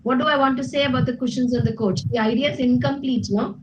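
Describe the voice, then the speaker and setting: High-voiced woman teaching grammar. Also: steady tone, fast talker, highs cut off, noisy background. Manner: explains patiently, many "you know" fillers, checks with "okay?". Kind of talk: classroom lesson with student responses. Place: classroom.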